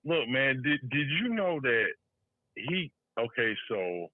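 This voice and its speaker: A man co-hosting a podcast, chatting casually about politics with loose, halting restarts and laughs. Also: medium pitch, big pitch swings, no echo. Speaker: podcast co-host. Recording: tinny phone-line audio.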